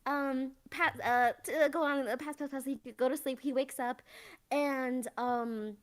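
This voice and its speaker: A woman's voice: high-pitched, fairly even intonation, unhurried. A woman hosting a casual anime review podcast, retelling an episode in a rambling way with lots of filler words. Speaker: podcast host.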